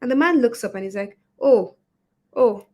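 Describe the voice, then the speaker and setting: A woman hosting a webinar, giving a motivational talk and telling a story with lively acted-out quotes. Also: on the high side, fast talker. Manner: expressive storyteller, acts out quoted voices. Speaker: webinar host and etiquette coach.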